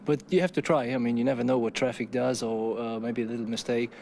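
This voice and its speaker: A man gives measured answers on the podium after the race. He speaks in a flat, even line with little rise and fall. Faint background noise sits behind his voice. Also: medium pitch, creaky. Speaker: racing driver. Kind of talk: post-race podium interview.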